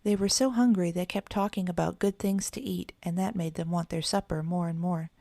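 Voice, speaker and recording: A woman narrating a children's storybook in a steady, gentle read-aloud manner. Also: fairly low pitch, brisk, vocal fry, no echo. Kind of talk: storybook reading.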